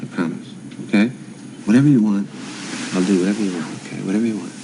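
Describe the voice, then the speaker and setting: Pleading young husband, played by a man; low, gravelly, hissy old TV sound. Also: fast, close to an everyday voice. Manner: earnest, pleading. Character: anxious young husband pleading with his wife. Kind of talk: 1970s TV soap acting. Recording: noisy old TV audio.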